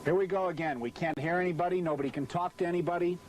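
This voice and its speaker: A man's voice: sits high, fairly even intonation, rapid-fire, slight background noise. A man shooting a promotional video, swearing constantly, exasperated and forgetting his lines. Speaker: spokesman filming a promotional video. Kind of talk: profane outtakes from a video shoot. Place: outdoors by a vehicle under hot lights.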